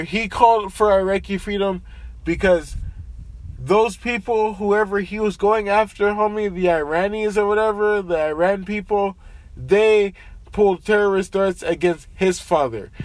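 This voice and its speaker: A man's voice: high voice, poor audio. A man in a heated casual argument, exasperated and slangy, peppering his points with bro and homie. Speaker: friend in a heated debate.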